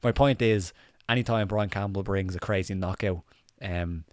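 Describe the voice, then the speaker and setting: Man, low voice, slight cold, dry close sound, swearing, laughing, casual chat. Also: normal speed, no room sound. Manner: loose, swears often, laughs a lot. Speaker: podcast co-host.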